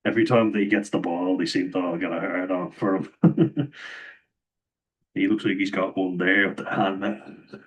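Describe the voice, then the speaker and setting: An Irish man giving casual, opinionated rugby commentary, laughing often, his voice a little hoarse. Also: sits low, fairly even intonation, normal speed, pauses often, lo-fi sound. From Ireland. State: slightly hoarse, losing voice. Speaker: rugby pundit vlogger.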